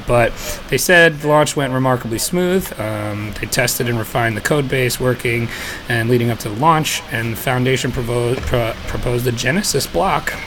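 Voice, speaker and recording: Casting: relaxed male podcast host, mid-pitched voice, faint noise behind. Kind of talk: casual podcast chat.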